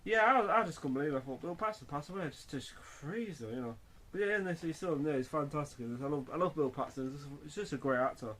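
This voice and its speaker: Rambling man with a higher voice. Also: quick pace, a bit bright. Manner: rambling, heavy on fillers and restarts. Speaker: film reviewer. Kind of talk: casual spoken film review.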